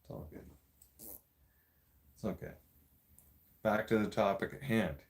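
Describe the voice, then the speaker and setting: Ranting straight to camera, this Toronto-accented man from the Greater Toronto Area delivers a blunt, sarcastic, profanity-laced vlog monologue. He speaks unhurriedly in a steady, low-leaning voice.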